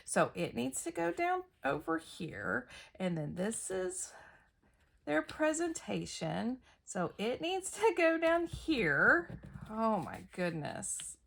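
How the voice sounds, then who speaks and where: Laughing at herself, a middle-aged woman thinks aloud and chats while working on a scrapbook layout. Her high voice is very animated yet slow, creaky, and fairly bright.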